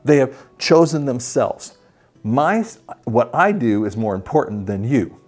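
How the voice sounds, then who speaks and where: A man teaching the Bible in a sermon style, animated and acting out the voices of the people he quotes. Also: mid-range voice, measured pace, faint music behind.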